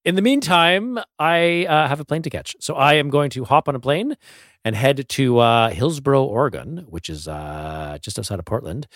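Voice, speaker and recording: A man's voice: medium pitch, lively intonation, moderate pace, a bit bright, no room sound, clean studio sound. A man hosting the show, chatting casually with a joking, hesitant manner and frequent fillers. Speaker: host. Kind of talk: casual chat.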